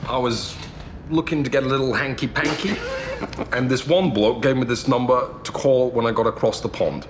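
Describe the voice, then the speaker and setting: A man's voice: mid-range voice, normal speed, close to an everyday voice. A man plays a cop clowning with an exaggerated mock-British voice. It comes through noisy drama audio. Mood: jokey.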